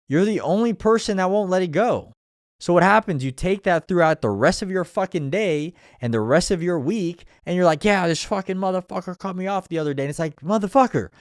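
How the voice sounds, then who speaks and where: A man's voice: medium pitch, dry recording, studio quality. A young man hosting a show, giving a blunt, profane motivational monologue full of pushy rhetorical questions. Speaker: show host.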